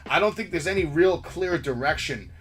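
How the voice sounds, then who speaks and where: A man's voice: on the high side, animated, moderate pace, fairly bright tone, a little hiss or hum. A man hosting a wrestling podcast, ranting in heated, profane casual chat. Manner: brash, heated, swears constantly. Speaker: podcast host.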